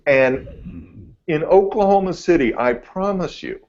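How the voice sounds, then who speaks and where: A laid-back man, a TV meteorologist, telling a story on a podcast, getting animated as he goes. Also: a little high, slow. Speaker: TV meteorologist guest. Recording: dull lo-fi audio.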